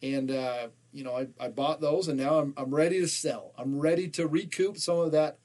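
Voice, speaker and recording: A man's voice: fairly high pitch, normal speed, a little mellow. A man from Utah co-hosting a podcast in casual chat, joking, laughing often and stammering through restarts. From Utah, USA. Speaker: podcast co-host.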